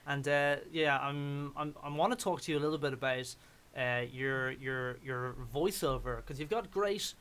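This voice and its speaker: A man's voice: fairly high pitch, normal speed, a bit bright, clean tone. A man hosting a radio arts show, often repeating words as he finds his phrasing. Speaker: radio host. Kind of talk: radio interview chat.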